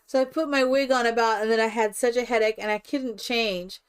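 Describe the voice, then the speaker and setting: An older woman streaming herself playing a game, chatting in a rambling, animated storytelling way. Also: a little high, a little fast, clean tone. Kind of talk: casual chat while playing a life-simulation game.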